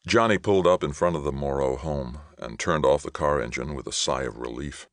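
Deep gravelly male audiobook narrator, measured and even, dry close sound. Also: dry recording. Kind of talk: scripted narration.

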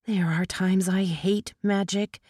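A woman voicing a quick-witted, defiant young woman on the run, urgent at times and sulky at others, in an audiobook. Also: lowish voice, darkish tone, dry recording, studio quality, lightly acted. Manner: urgent, then sulky and sardonic.

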